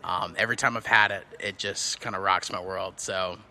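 A man talking as a guest in a casual chat, earnest and rambling with many pauses. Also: low-pitched, fairly even intonation, gravelly, pushed and bright.

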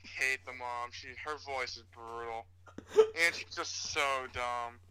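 A man's voice: mid-range voice, fairly even intonation, takes it slowly, pushed and bright, clear, resonant tone, low-quality recording. A man co-hosting a casual podcast chat, blunt and profane in his opinions. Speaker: podcast co-host.

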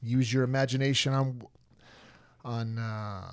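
A man's voice: mid-range voice, normal speed, no room sound. A man hosting a casual podcast, playful and jokey, sounding out of breath. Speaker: podcast host. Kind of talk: casual chat.

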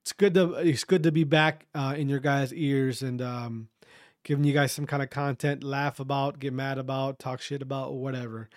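Rambling, profane podcast host. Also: male voice, mid-range voice, level tone, moderate pace, no room sound, clean studio sound. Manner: rambling, profane, self-interrupting. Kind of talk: casual podcast chat.

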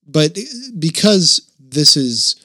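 A man co-hosting a podcast, chatting casually and walking through background details at an easy pace. His voice sits a little high for a man. It is recorded close and dry, with almost no room sound. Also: drawn-out words, no room sound. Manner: relaxed, explains film background. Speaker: podcast co-host. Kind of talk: casual chat.

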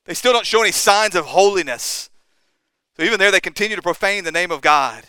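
Impassioned high-voiced male preacher. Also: lively intonation, a little fast, sharp tone, clear, resonant tone, dry recording. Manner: impassioned, rises and drops in intensity. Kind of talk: sermon.

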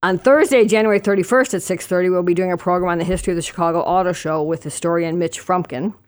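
A woman's voice: on the low side, steady tone, quick pace. A woman on library staff, chatting casually on a podcast as she lists upcoming events in a matter-of-fact way. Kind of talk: casual chat announcing events.

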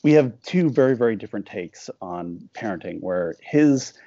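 A man's voice: on the low side, expressive, moderate pace, mellow, no echo, dull audio. A man being interviewed about his cartoons. He talks casually and rambles, breaking off often and acting out little quoted exchanges. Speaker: cartoonist guest.

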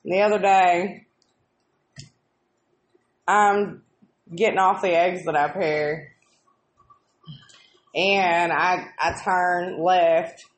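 A woman's voice: lowish voice, fairly even intonation, extremely slow, long pauses. A woman, telling stories in a casual chat, swearing constantly and ranting in exasperation. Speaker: co-host of a live video chat. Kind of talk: casual profane storytelling. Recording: roomy echo.

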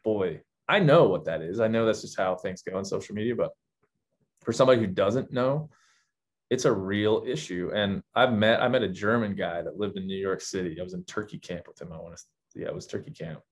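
A man's voice: low-pitched, a little fast. A man talking as a podcast guest, candid and reflective, often restarting his sentences. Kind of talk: casual podcast chat.

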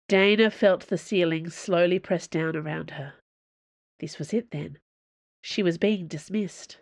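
Woman, audiobook narrator, measured, expressive, lowish voice, dry close sound. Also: no echo.

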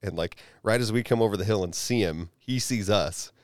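A man's voice: on the low side, fairly quick, no echo, clean studio sound. A man hosting a podcast, telling a story in casual chat with lots of swearing and acted-out quotes. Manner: profane, animated retelling with acted quotes. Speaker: podcast host.

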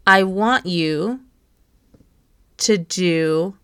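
A woman in her thirties talks the listener through a self-help exercise, gentle and coaching. Her voice sits a little low, and the sound is close and dry with no room around it. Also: extremely slow, clear, resonant tone, dry recording. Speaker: podcast host. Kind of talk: encouraging self-help talk.

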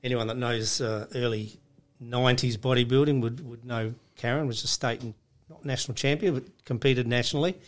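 A man's voice: medium pitch, steady tone, brisk. A man, a guest on a casual podcast, telling his story in a plain-spoken way and laughing easily. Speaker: guest, bodybuilding judge.

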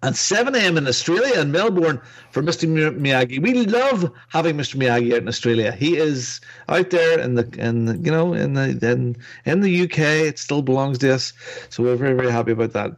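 A man's voice: medium pitch, lively intonation, a little fast. A man hosting a casual gaming podcast, rambling as he reads out names from the chat and corrects himself. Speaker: podcast host.

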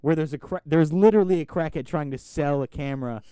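Rambling young man with a smooth voice. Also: on the high side, fast, dark tone, no echo. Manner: rambling storyteller, heavy swearing and filler words. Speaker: podcast host. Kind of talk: casual chat.

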